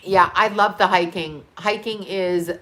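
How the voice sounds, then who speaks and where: Middle-aged woman host, casual livestream chat, salty and talkative, mid-pitched. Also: steady tone, a little slow, fairly bright tone. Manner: chatty, swears freely, laughs at own jokes. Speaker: livestream host reading viewer comments.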